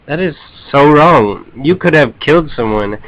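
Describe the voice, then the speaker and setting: A man dubbing a movie clip as a furious man scolding a friend who wrecked his car, shouting indignantly. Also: fairly high pitch, lively intonation, unhurried, highs cut off. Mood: shouting angrily. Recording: hissy recording from far off.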